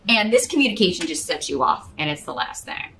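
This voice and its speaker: A woman's voice: on the low side, animated, brisk, vocal fry, pushed and bright, slight background noise, low-quality recording. A woman giving a casual tarot reading, talking straight to the listener with a rambling, hesitant flow full of fillers and restarts. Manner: addresses the listener directly as a star sign. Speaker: tarot reader.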